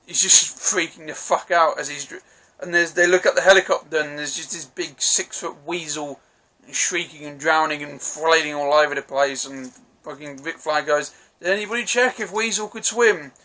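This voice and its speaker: Bright-voiced man reviewing films. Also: fairly high pitch, flat delivery, moderate pace, few pauses. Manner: rambling, swears a lot, restarts often. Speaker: film reviewer. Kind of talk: casual film review vlog.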